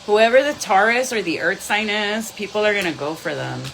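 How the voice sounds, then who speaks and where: A woman streams a tarot reading live from home. Her voice sits at an everyday middle pitch for a woman, and she talks bluntly and profanely, sliding between English and Spanish. A faint ambient noise hangs behind her. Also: sing-song, normal speed, gravelly, fairly bright tone, poor audio. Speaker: tarot reader.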